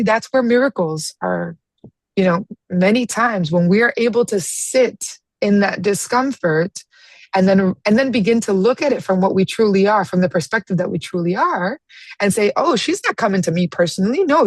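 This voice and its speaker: A woman's voice: medium pitch, no echo. A woman with a child of her own, leading a spiritual discussion group over a video call in an earnest, reflective way, often restarting her phrases. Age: adult parent.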